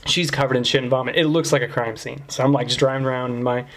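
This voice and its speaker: Fast-talking young man telling a story. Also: medium pitch, a crowd in the background. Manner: profane, animated anecdote with quoted voices. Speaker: podcast co-host. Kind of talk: casual storytelling chat.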